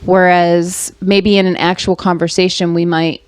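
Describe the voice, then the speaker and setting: A woman's voice: on the low side, level tone, moderate pace, clear, resonant tone, no room sound. A woman co-hosting a casual podcast, reading quotes aloud, laughing easily and explaining her take earnestly. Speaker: podcast co-host.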